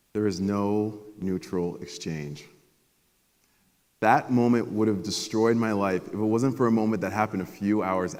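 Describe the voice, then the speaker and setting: A man's voice: lowish voice, a little mellow. Man in his forties giving a keynote. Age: 40s. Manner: personal storytelling with emphatic pauses. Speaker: keynote speaker. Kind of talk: motivational conference talk. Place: conference stage at a resort. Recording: long reverb of a conference hall.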